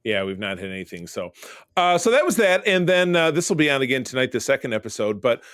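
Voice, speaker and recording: A man's voice: medium pitch, sing-song, fast talker, a bit bright, clean tone, no echo. Male host, rambling conversational delivery, dry close recording. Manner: rambling, chatty show recaps. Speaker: podcast host. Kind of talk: casual chat.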